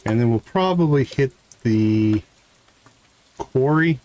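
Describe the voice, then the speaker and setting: A man's voice: mid-range voice, slow, rough recording. A man with a Midwestern American accent, casually commenting on his farming game during a live stream. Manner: relaxed, chatty, talking to chat while playing. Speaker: gaming streamer.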